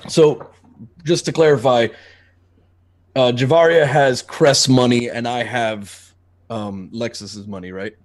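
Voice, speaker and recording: A man playing a tabletop game, answering in quick short bits and laughing easily. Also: mid-range voice, steady tone. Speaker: player. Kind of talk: tabletop role-play chat.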